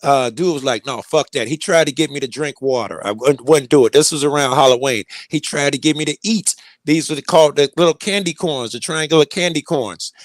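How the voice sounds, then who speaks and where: A man's voice: on the high side, brisk, hardly any pauses, no echo. A man telling a long personal story in casual talk, rambling and profane, full of fillers and restarts.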